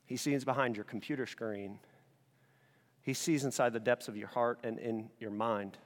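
A male pastor preaching a sermon in a conversational, animated way, alternating between loud emphasis and quiet, intense passages. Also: mid-range voice, moderate pace, in a large hall. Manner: casual conversational asides.

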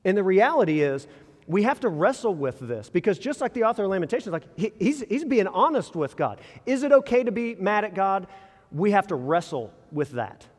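Higher-voiced preacher echoing through a hall. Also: male voice. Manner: conversational preaching with rhetorical questions and quick restarts. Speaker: pastor. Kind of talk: sermon. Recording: long reverb in a large hall.

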